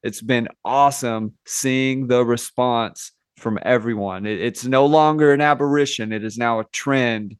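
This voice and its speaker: Man, podcast host, easygoing, upbeat, medium pitch, dry close mic. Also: measured pace, hardly any pauses, clear, resonant tone, no echo. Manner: easygoing, upbeat, thanks listeners. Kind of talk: casual podcast chat and sign-off.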